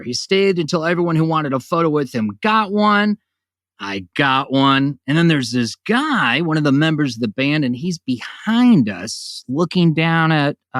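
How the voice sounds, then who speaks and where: A man's voice: fairly high pitch, fairly bright tone, dry recording, studio quality. A man hosting his own podcast, ranting in a sarcastic, profane monologue that jumps between jokes and voices. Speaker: podcast host.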